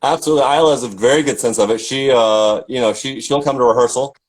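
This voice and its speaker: A man's voice: medium pitch, fast, rough recording. A middle-aged man from Tennessee, an opera singer chatting casually and telling stories with lots of fillers and restarts. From Tennessee, USA. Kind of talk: casual chat.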